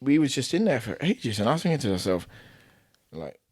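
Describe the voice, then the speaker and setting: A man's voice: mid-range voice, big pitch swings, brisk, a little mellow, husky, dry recording, clean studio sound. A young British man, a boxer, telling a backstage story on a podcast in casual slang, acting out both sides of the argument and laughing as he goes.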